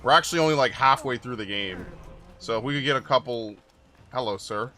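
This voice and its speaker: A man talking through a video game stream in a loose, rambling way, with a bright, forceful voice. He drifts between the game and side topics and swears often. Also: mid-range voice, fairly quick. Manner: rambling, profane, chatty asides. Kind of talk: casual gameplay commentary.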